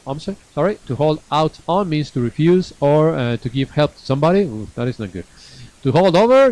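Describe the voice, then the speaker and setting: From an academy classroom, a man teaches a live online English lesson, repeating each phrase slowly and stretching out the key words. His voice is mid-range and a little mellow, but the audio is poor.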